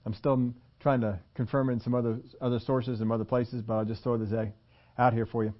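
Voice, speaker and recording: A man's voice: medium pitch, flat delivery, fairly quick, highs cut off. A man preaching a sermon in a conversational way, slipping into the voices of the people he quotes. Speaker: pastor.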